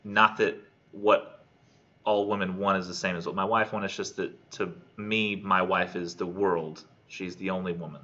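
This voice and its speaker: A man teaching a college English class, animated and joking. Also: low-pitched, normal speed. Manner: animated, joking, self-deprecating. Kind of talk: jokey classroom lecture. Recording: muffled lo-fi classroom recording.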